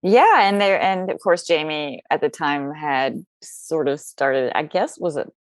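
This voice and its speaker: A woman's voice: low voice, animated, measured pace, no room sound. A woman from the United States chatting casually as a podcast guest, rambling with frequent restarts and self-corrections.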